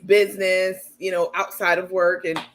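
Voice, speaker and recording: A livestream host talks in a fairly low voice with little pitch movement at a moderate pace, offering outspoken, casual commentary laced with some profanity. She calls her viewers "baby" and "you guys" in asides, and there is a little hiss or hum.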